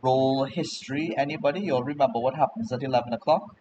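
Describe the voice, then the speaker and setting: Joking game master. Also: male voice, mid-range voice, quick pace, a little mellow, lo-fi sound, a little hiss or hum. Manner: loose, joking, many fillers. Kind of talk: narrating a tabletop game.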